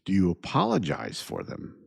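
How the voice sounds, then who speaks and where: A man hosting his own podcast, talking through his thoughts in an unhurried monologue and repeating his points through rhetorical questions. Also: deep voice, wildly swooping pitch, gravelly, slightly rough. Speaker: podcast host. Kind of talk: reflective monologue.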